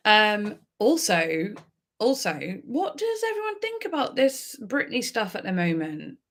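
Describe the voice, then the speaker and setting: A woman's voice: medium pitch, huge pitch swings, a little slow, fairly bright tone. A woman, a music reaction YouTuber, chatting casually and rambling on a livestream, laughing often.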